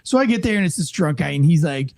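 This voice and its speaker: A man with a fairly high voice tells a police story in casual chat, very animated. He acts out quoted voices and swears freely. The sound is close and dry, with no room around him. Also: fast, gravelly, no echo. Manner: swears casually, many fillers. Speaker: police officer guest.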